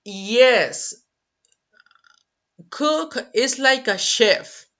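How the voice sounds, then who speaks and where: An English teacher with Spanish as a first language, leading a live online lesson, drilling vocabulary slowly and repeating phrases with Spanish translations mixed in. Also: medium pitch, expressive, sharp tone. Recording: dull lo-fi webinar audio.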